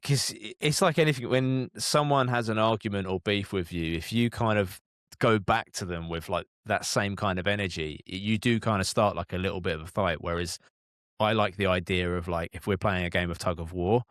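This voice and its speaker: Man, cab driver, reflective, casual fillers, low voice, dry sound. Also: a little fast, a bit bright, no room sound. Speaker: London cab driver, co-host. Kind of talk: casual podcast chat.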